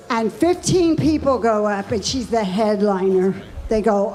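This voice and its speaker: A woman's voice: on the high side, normal speed, darkish tone. A middle-aged woman telling family stories on stage as a stand-up comic, acting out the dialogue, on a handheld mic in a comedy club. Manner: chatty, acts out family dialogue. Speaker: guest comedian, mother of a comic. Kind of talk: stand-up storytelling.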